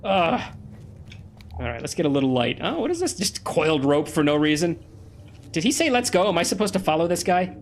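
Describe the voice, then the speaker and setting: A man gives chatty, excitable commentary as he plays through a video game. His voice swings widely in pitch and sits a bit higher than most men's. He is a little under the weather, and faint noise runs behind him. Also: normal speed. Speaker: let's play host. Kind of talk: casual gameplay commentary.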